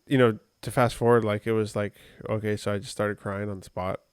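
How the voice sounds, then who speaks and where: A man's voice: fairly low pitch, steady tone, brisk, clear, resonant tone, dry recording, studio quality. A man co-hosting a podcast, telling a personal story in a rambling, conversational way with many fillers. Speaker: podcast co-host. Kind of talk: casual podcast chat.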